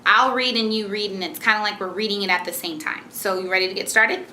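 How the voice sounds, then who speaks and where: Bright-voiced woman explaining patiently. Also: medium pitch, fairly even intonation, fast talker, a little hiss or hum. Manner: patient, encouraging, explains step by step. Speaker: teacher. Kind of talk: instructional explanation with reading aloud. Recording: echoey room.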